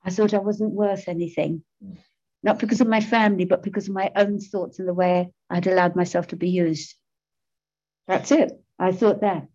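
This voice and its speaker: A woman's voice: fairly low pitch, steady tone, moderate pace, a little mellow, muffled recording. An older woman, giving a personal testimony about her recovery, self-mocking, emotional and often laughing. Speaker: recovery speaker.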